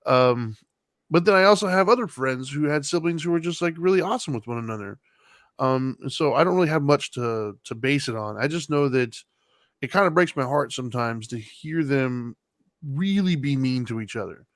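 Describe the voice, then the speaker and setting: A podcast co-host in his thirties tells a story casually, his mid-range voice close and dry with no room sound, at a moderate, easy, meandering pace. He's relaxed and rambling, with lots of fillers and laughs.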